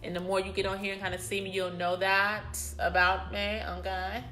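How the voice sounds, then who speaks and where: A woman's voice: mid-range voice, level tone, normal speed, a little hiss or hum. A woman hosting her own live broadcast, speaking to viewers in a casual, repetitive, affectionate way. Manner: warm, repetitive and affectionate toward viewers, lots of "y'all".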